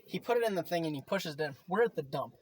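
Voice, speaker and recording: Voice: mid-range voice, lively intonation, quick pace, noisy background. Laid-back teen swapping school stories. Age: late teens. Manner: rambling storyteller, swears freely, laughs often. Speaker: podcast co-host. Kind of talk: casual chat.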